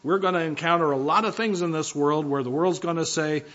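A man's voice: a little high, brisk, a bit bright. Emphatic preaching man, dull lo-fi sound. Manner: emphatic, repeating key phrases with rising force. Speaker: pastor. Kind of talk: sermon.

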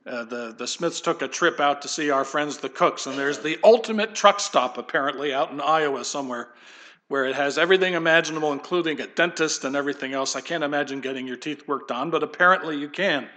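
A man's voice: on the high side, a little fast, pushed and bright. Conversational man preaching a sermon. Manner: conversational, digressive preaching with asides. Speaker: pastor.

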